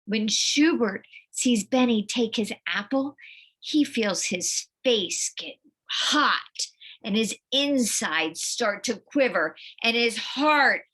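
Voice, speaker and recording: Woman, teacher, children's story read-aloud, expressive, sound effects, slightly high voice, slow. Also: breathy edge.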